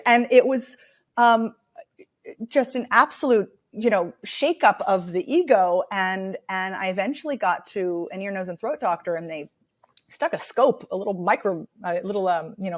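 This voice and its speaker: Woman, 30s, talkative dialect coach, casual interview storyteller. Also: medium pitch. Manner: chatty, animated storyteller. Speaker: speech and dialect coach, author.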